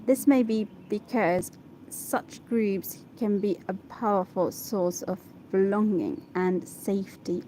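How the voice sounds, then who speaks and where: A woman learning English, whose first language is Arabic, takes her time reading an article aloud in a warm, mid-range voice. She stops on hard words to sound them out, repeat them, and check her pronunciation, and some background noise can be heard.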